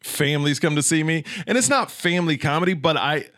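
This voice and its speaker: Animated storytelling man, dry close sound. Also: fairly high pitch, a little fast, no echo. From Houston, Texas. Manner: animated storyteller, acts out quotes. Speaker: stand-up comedian, guest. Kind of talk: casual podcast conversation.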